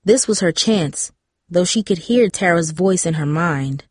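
Dry, steady woman audiobook narrator. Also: on the low side, measured pace, no echo. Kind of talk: scripted narration.

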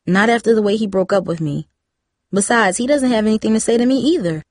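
A woman's voice: mid-range voice, quick pace, no room sound, studio quality, voice pushed up, close to an everyday voice. A woman voicing a teenage girl who answers in curt, defensive retorts. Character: teenage girl, guarded and quick to snap.

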